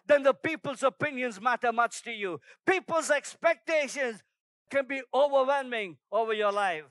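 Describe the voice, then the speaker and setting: A man's voice: extremely high pitch, fairly bright tone, dry recording, poor audio. A man preaching a sermon, emphatic and exhorting, driving points home by repeating phrases.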